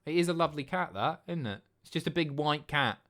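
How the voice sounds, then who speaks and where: A man's voice: fairly high pitch, expressive, brisk, a bit bright. A man in his thirties, hosting a livestream in casual chat, with blunt, sweary, sardonic commentary. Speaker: livestream host.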